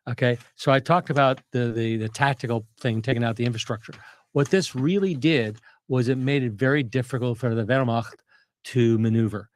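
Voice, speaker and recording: A man's voice: medium pitch, a little fast, slight background noise. An older man, a retired Navy captain and historian, explaining military history in a rambling, detailed conversational way with frequent restarts.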